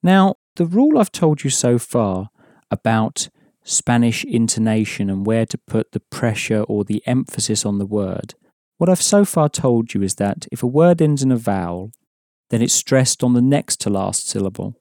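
Male language tutor, mellow and steady, dry studio read, patient and explanatory. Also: on the low side, moderate pace, dry recording. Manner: patient, explanatory, prompting the listener. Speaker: language teacher. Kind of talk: audio language lesson.

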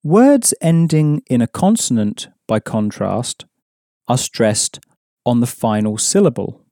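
A man teaching a language lesson in measured, scripted narration, explaining rules and repeating key points. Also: mid-range voice, animated, warm tone, no room sound, studio quality.

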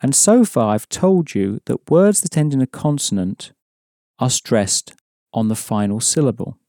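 Male language tutor, mellow and steady, dry studio read, patient and explanatory. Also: medium pitch, measured pace, dry recording. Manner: patient, explanatory, prompting the listener. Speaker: language teacher. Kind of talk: audio language lesson.

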